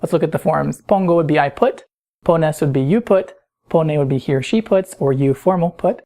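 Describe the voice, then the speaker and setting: A woman's voice: low voice, moderate pace, dark tone. A woman teaching a recorded grammar lesson, patient and explanatory, often putting questions to the listener. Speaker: Spanish teacher.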